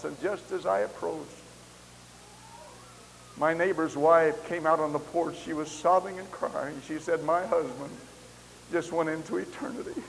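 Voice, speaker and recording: A man preaching a camp meeting sermon, telling a story with impassioned delivery that rises to loud exclamations. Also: a little high, fairly even intonation, a little slow. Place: large camp meeting hall. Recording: long hall reverb with faint hiss.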